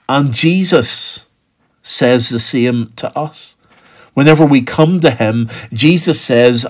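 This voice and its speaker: A man's voice: medium pitch, animated, slow. A middle-aged male pastor giving an earnest devotional reflection on a Bible story, with the occasional filler between phrases. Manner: earnest, acts out quoted voices.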